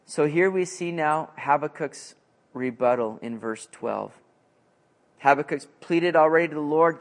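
A high-pitched male pastor works through scripture in an expository sermon. His delivery is casual and animated, with a conversational feel and plenty of fillers. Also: a little slow.

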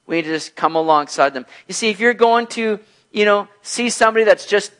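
Animated, high-voiced male preacher. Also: a little fast. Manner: lively, acts out bubbly and gloomy voices in his examples. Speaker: pastor. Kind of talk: expository sermon, casual and animated.

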